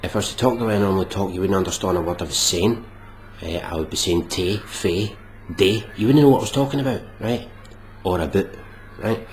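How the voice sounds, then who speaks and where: A man's voice: deep voice, fast talker, a little mellow, a little hiss or hum. A young Scottish man ranting into his vlog, exasperated and sarcastic, swearing a lot. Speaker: vlogger.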